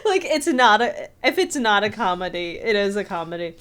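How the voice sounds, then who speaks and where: A woman co-hosting a casual film podcast, chatty and quick to laugh, often quoting lines in a flat, deadpan voice. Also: mid-range voice. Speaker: podcast co-host.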